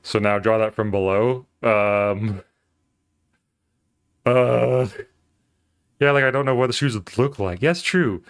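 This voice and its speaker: A man streaming while he draws, chatting casually in a rambling, playful way with lots of fillers. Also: mid-range voice.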